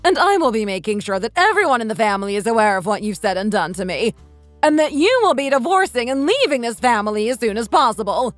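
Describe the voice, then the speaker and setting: A woman's voice: a little high, very animated, quick pace, no room sound, faint music behind. A woman voicing a spiteful, domineering mother-in-law around sixty who scolds and insults, in a dramatized text-story reading. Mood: furious.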